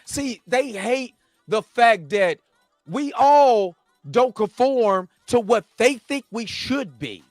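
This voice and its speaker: Brief: male reaction host, high voice, dry close sound, impassioned ranting delivery with stumbles and restarts. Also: animated, slow pace, dry recording, soft background music. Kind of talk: heated reaction commentary.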